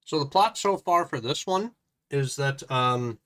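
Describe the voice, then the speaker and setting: A man's voice: medium pitch, animated, measured pace, a bit bright. Playful man chatting on a live stream. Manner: chatty and playful, muttering to himself while working. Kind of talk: casual live stream, reading a puzzle book aloud.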